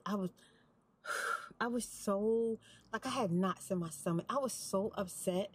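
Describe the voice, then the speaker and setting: A woman's voice: mid-range voice, takes it slowly, pauses often, slightly rough, poor audio. A middle-aged woman, telling an emphatic, exasperated storytime vlog from inside a parked car. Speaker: vlogger.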